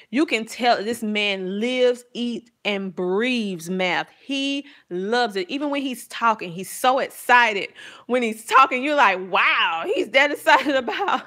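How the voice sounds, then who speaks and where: A middle-aged woman, a homeschooling mom, chatting casually and enthusiastically about her family's math books, rambling a little and laughing softly. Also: on the high side, unhurried. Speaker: homeschooling mom reviewing curriculum. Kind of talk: casual chat to camera.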